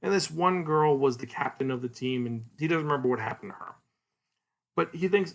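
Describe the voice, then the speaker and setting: A man hosting a podcast, retelling a comic's plot in a casual, animated way and acting out its characters. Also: medium pitch, brisk, creaky. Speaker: podcast host. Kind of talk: casual solo manga review.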